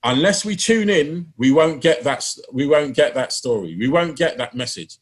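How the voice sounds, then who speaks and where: A man's voice: fairly high pitch, expressive, moderate pace. A man preaching a sermon with passion, repeating words and phrases for emphasis.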